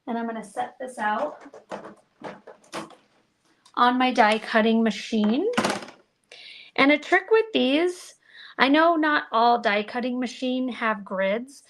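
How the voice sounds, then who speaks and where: A woman with a slightly high voice and a gravelly fry runs a live card-making demo. She chats to her viewers as she works and pokes fun at her own methods. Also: expressive, slow pace, pauses often. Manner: chatty, self-deprecating, talks to viewers while working.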